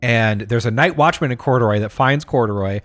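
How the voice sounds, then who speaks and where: A man's voice: mid-range voice, fairly quick, a bit bright. A man co-hosting a podcast, chatting casually in a rambling, self-deprecating way. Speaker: podcast co-host. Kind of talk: casual chat.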